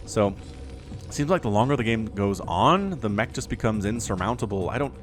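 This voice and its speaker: A man's voice: on the low side, animated, normal speed, soft background music. A man casting a strategy game replay in a chatty, jokey way that wanders into asides. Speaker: game caster. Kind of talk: casual video game replay commentary.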